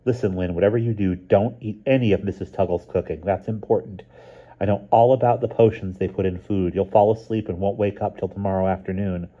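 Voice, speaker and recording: A man reading a storybook aloud, voicing an excitable young girl who rushes out urgent warnings. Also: deep voice, husky, muffled recording.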